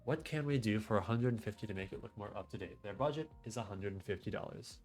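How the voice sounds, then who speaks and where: Relaxed male streamer reading game text. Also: lowish voice, fast, soft background music. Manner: relaxed, chatty, often trailing off. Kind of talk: casual gaming stream commentary, reading game text aloud.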